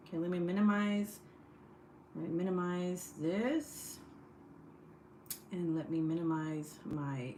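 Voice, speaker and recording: A young woman hosts a loose, chatty true crime livestream from her home desk. She swears freely and reads viewer comments aloud in an offhand way. A faint hiss sits under her voice. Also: fairly low pitch. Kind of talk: casual livestream chat. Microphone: desk setup, phone or webcam.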